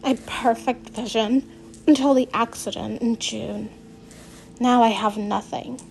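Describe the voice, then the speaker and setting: A woman's voice: fairly high pitch, fairly even intonation, measured pace, gravelly, a little hiss or hum, rough recording. Woman reading as a grieving teen girl. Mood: wistful.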